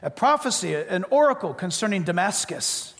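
A man's voice: high voice, big pitch swings, normal speed, fairly bright tone. An American man preaching a sermon in emphatic, repetitive, punchy short phrases. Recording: long reverb of a large hall.

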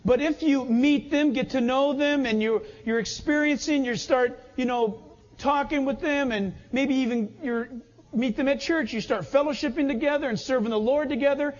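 A man preaching a sermon as a pastor, telling personal stories in an animated way and often laughing. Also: extremely high pitch, big-room sound, muffled recording.

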